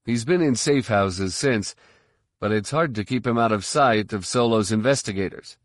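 A man voicing a calm, deadpan military general in an audiobook, measured and even. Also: fairly low pitch, no room sound, studio quality, lightly acted. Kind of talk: audiobook character voice.

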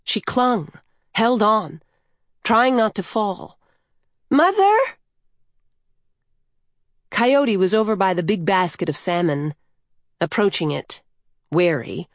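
A woman narrating a literary story in a measured, rhythmic way. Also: medium pitch, dry recording, clean studio sound.

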